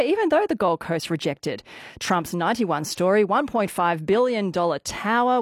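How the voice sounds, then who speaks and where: A woman hosts breakfast radio, talking in a chatty, casual way while still out of breath. Her voice sits a little low, and the studio mic sounds close and dry. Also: darkish tone, no room sound. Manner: chatty, conversational, self-deprecating. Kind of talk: live radio presenting. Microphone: studio microphone.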